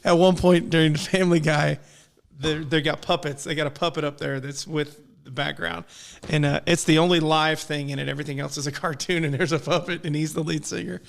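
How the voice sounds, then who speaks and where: A man with a fairly high voice retells scenes in a loose podcast chat. He slips into little voices and keeps breaking into laughter, rambling along as he goes. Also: fairly even intonation, fairly quick, vocal fry. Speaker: podcast co-host. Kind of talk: casual chat.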